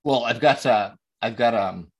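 A man's voice: medium pitch, normal speed. A man in casual podcast talk, meandering and profane. He trips over his own starts and circles back to his points. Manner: rambling, profane, many restarts. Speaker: podcast co-host.

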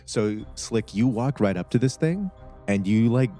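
Male game master, low and dark in tone, relaxed, filler-heavy describing; faint music underneath. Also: measured pace. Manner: loose, laid-back describing with many fillers. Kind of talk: narrating a tabletop game.

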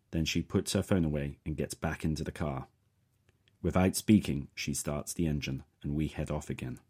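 A man with a very deep voice reads a first-person story in a steady, measured way. His tone is husky and a little rough around the edges. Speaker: audiobook narrator. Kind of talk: first-person audiobook narration.

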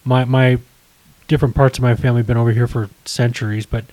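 Poor audio captures a middle-aged man with a medium-pitched, darkish voice, level tone, and quick pace. Co-hosting a casual podcast, he's a rambling storyteller who corrects himself mid-telling.

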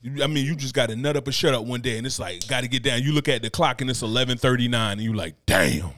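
A man co-hosting a podcast in casual comedic chat, animated and laughing often. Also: mid-range voice, racing. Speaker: podcast co-host.

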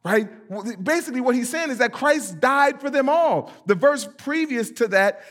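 A man's voice: extremely high pitch, expressive, normal speed, few pauses, fairly bright tone. A man preaching a sermon in a conversational way, acting out quoted voices and rising to emphatic peaks on scripture. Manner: acts out quoted voices for comic effect. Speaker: pastor.

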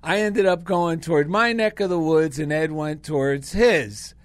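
A man co-hosting a talk show, telling a story in a casual, animated way and acting out the people he quotes. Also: normal speed, dry recording. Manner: animated, acts out quoted voices in a higher pitch. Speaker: podcast co-host.

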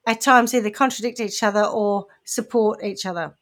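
A woman's voice: mid-range voice, steady tone, moderate pace, fairly bright tone. A woman with a New Zealand accent, co-hosting a podcast and telling a true-crime story in a chatty, wry way. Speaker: podcast co-host presenting the case. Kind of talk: casual chat.

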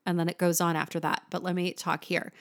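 A woman teaching a lesson on song lyrics, talking in an animated way and singing short snippets to show her points. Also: fairly low pitch, quick pace, dry recording, clean studio sound. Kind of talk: explanatory lesson.

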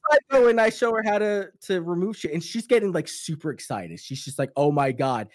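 A man telling a profane, animated story in casual chat with friends. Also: sits high, brisk, no room sound.

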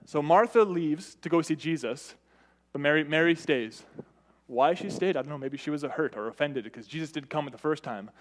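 A high-voiced man delivers a sermon at a moderate pace, speaking conversationally. He keeps asking listeners "right?" and lets his voice rise and fall in pitch and volume for emphasis.

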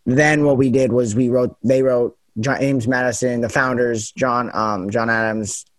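A young man with a standard American accent explains at length in an earnest, chatty way, his sentences running on with "like" between them. His pitch is ordinary middle range. The recording is close and dry. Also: steady tone, unhurried, no room sound. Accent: General American. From United States. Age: young adult. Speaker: political science student. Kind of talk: casual chat, explaining.

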